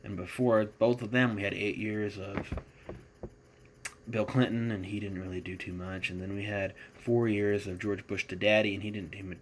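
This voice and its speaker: A man's voice: lowish voice, slight background noise. A man hosting his own podcast, giving a casual, rambling, opinionated monologue with a sarcastic edge and plenty of fillers. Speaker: podcast host.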